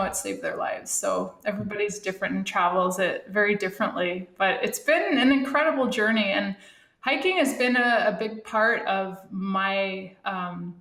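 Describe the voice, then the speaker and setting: A woman's voice: medium pitch, fairly bright tone. Earnest woman in an echoey room. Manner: earnest, heartfelt, restarts and fillers. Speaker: guest, Olympic athlete and thru-hiker. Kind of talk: reflective casual interview talk.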